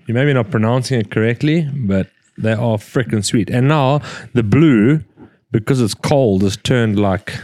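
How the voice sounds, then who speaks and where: A man's voice: medium pitch, unhurried, darkish tone, no room sound. A man, a safari hunting outfitter, talking bluntly and joking in a casual chat.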